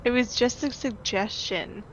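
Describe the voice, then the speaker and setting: A woman's voice: a little high, measured pace, muffled recording, a little hiss or hum. A woman playing a tabletop game, teasing the others playfully. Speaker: player. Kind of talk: tabletop role-play chat.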